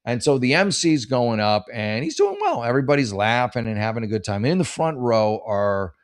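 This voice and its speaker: A man's voice: mid-range voice, sing-song, fairly quick. A middle-aged man, a stand-up comedian, telling a rambling, profane, self-mocking story in casual chat. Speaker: comedian hosting a podcast.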